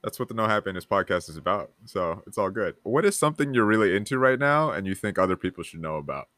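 Deep-voiced podcast host, bright and dry. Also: male voice, very animated, quick pace, no room sound. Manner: agreeable and encouraging, asks open questions. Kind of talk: casual interviewing.

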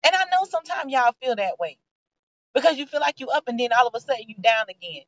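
Woman, motivational faith talk, casual and earnest, slightly high voice, dull recording. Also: big pitch swings, fast. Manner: heartfelt, preachy, conversational. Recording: dull lo-fi sound.

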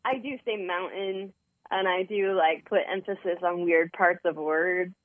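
A young woman with a Utah accent co-hosting a podcast, answering with short, lively reactions. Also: lowish voice, a little slow, no room sound, poor audio. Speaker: podcast co-host. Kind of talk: casual podcast chat.

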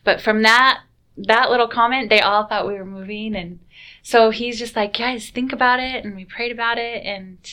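A woman guest telling a family story in a casual, animated way, acting out quoted lines. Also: a little high, moderate pace.

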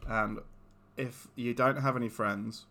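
Male podcast host, gravelly, irreverent and profane. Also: medium pitch, fairly even intonation, measured pace, bright, forceful tone. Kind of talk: casual chat.

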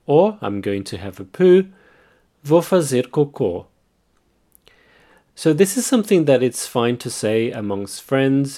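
A man hosting a scripted language lesson, pronouncing example words slowly and carefully. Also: mid-range voice, darkish tone. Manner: slow, careful pronunciation with repeated example words. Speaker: language teacher and podcast host.

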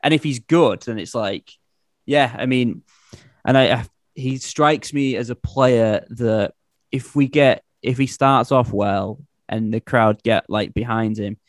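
A man's voice: medium pitch, unhurried, dry recording, clean studio sound. A man hosting a casual football podcast, talking with many fillers and restarts. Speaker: podcast host.

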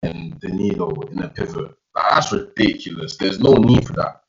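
A man's voice: sits low, normal speed, creaky, noisy background. A young man, chatting casually about football, analytical but slangy. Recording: dull lo-fi audio.

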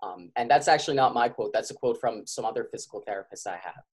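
Physical therapist guy on a podcast, husky voice, fired up and urgent, keeps saying y'all. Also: medium pitch, quick pace. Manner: impassioned, urgent, addresses listeners as y'all. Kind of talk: podcast interview.

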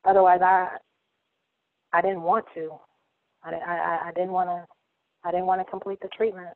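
A woman's voice: lowish voice, level tone, normal speed, a little hiss or hum. A woman around forty, a podcast guest, telling her personal story in a candid, heartfelt way and often repeating phrases. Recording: dry, tinny phone-like line.

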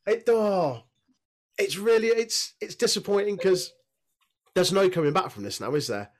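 A man hosting a casual podcast, recapping a wrestling show with lots of swearing and high laughing outbursts, on a desk mic with headphones. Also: lively intonation, moderate pace. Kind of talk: casual chat.

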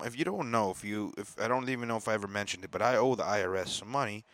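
A man hosting a solo podcast as a comedian, talking in a profane, rambling, animated monologue. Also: mid-range voice, quick pace, few pauses, dry recording. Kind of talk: casual monologue.

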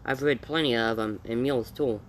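An eager farm boy fires off blunt questions, read by a man. The voice stays at an ordinary middle pitch for a storybook. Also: a little fast, a little hiss or hum, lightly acted, rough recording.

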